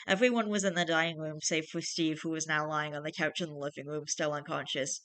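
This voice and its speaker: A woman reading a novel aloud, lively and giving the characters their own voices. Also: deep voice, fairly quick, no room sound. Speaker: reader. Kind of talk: fiction read-aloud.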